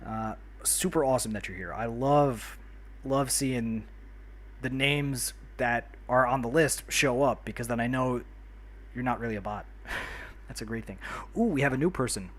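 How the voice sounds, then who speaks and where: A New York man hosts a laid-back livestream of a city-building game, chatting in a friendly way and greeting and thanking viewers by name as he plays. His voice is medium in pitch, a little bright, and moves at a normal speed.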